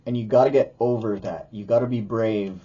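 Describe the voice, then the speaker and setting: A man's voice: on the low side, fairly even intonation, a little fast, dark tone, breathy edge, lo-fi sound. A man who teaches yoga and makes videos talks casually to the camera in a loose, rambling way, often restarting his sentences.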